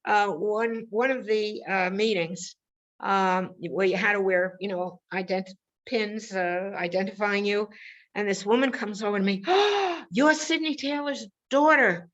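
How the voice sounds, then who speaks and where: A woman guest of honor on a video call, telling an anecdote in an animated way. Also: mid-range voice, unhurried, highs cut off. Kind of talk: casual anecdote.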